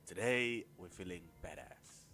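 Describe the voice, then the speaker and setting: A man co-hosting a podcast in casual chat, excitable and jokey, swinging between loud outbursts and low mutters. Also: measured pace, vocal fry, faint music behind. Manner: excitable, jokey, big swings in pitch and loudness. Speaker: podcast co-host.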